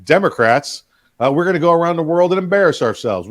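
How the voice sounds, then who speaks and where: A man's voice: a little high, expressive, quick pace. A man co-hosting a political talk show, chatty and jokey, often trailing into fillers. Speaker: co-host.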